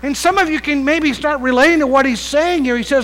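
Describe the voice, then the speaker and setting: Pastor, male, very high voice, sharp and tense tone; chatty sermon delivery with rhetorical questions and jokes. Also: a little fast, few pauses, low-quality recording. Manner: conversational preaching with rhetorical questions; playful asides and humor.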